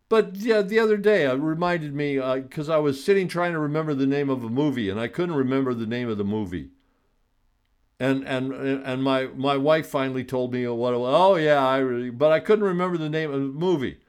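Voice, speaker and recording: An older man hosting a talk radio show, giving a blunt, lecturing monologue with frequent restarts and direct questions to his listeners. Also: fairly high pitch. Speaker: radio host and estate attorney. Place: radio studio.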